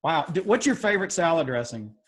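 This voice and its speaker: A man with a somewhat high voice hosts a casual video call. He talks in a playful, teasing way and drifts into chatty asides. The sound comes through a video call mic. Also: very animated, fast talker. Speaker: youth group leader.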